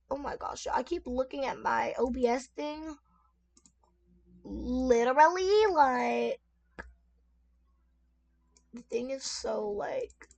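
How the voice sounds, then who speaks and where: Brief: high-pitched woman, chatty story reader, talks straight to her viewers with lots of asides. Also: gravelly. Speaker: content creator reading online stories. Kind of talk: casual story reading and reacting. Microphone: desk microphone at lowered sensitivity.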